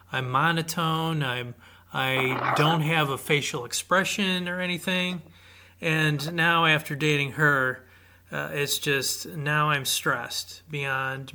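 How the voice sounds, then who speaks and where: A man's voice: fairly high pitch, pushed and bright, a little hiss or hum. A man co-hosting an advice podcast, talking hesitantly and with self-doubt in casual chat. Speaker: podcast co-host.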